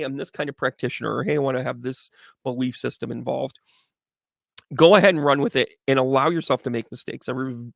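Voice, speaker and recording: A man doing casual live tarot readings as a medium, chatty and animated, greeting viewers by name. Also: mid-range voice, creaky, no echo, clean studio sound.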